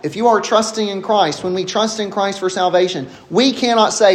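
A man preaching an expository sermon, emphatic, slowing down to stress key phrases. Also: high voice.

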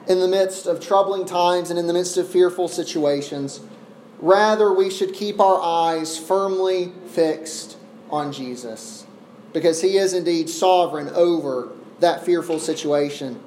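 A man preaching an expository sermon, earnest, slowing down and pausing to press each point. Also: high voice, a little mellow. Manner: earnest, with deliberate slow pauses for emphasis. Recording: echoey room with faint ambient noise.

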